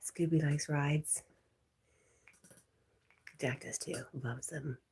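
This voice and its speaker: A woman hosting a night livestream, reading chat aloud and talking softly to her dog, sometimes in a whisper, a little wheezy. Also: low-pitched, fairly even intonation, drawn-out words, vocal fry, slight background noise. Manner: soft, often whispering, talks to her dog.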